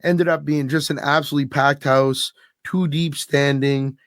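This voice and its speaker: A man hosting a podcast in casual chat, telling an animated story and laughing often. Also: a little high, moderate pace, no echo, studio quality. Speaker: podcast host.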